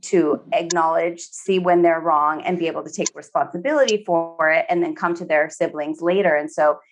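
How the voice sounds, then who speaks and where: A woman therapist talking in a relaxed podcast conversation, filling her speech with "you know" and slipping into quoted voices. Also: low-pitched, moderate pace. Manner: chatty, many fillers, acts out quoted speech.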